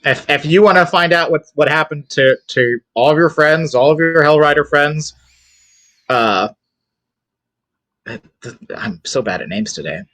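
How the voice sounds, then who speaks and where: A man's voice: a little high, lively intonation, measured pace, pauses often, fairly bright tone, dry recording. A man playing a tabletop game, often stammering and restarting. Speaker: player. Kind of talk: casual tabletop play.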